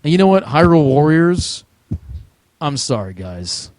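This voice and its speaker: A man's voice: fairly high pitch, sing-song, unhurried, a little mellow, dry recording. A man with a New Jersey accent co-hosting a podcast, ranting about video games with heated, sweary, mocking talk. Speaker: podcast co-host. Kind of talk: profane ranting chat.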